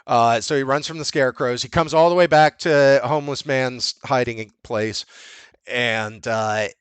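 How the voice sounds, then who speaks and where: A man hosting a podcast, recapping a movie in casual, profane, animated chat. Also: mid-range voice, a little slow, clear, resonant tone, no echo. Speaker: podcast host.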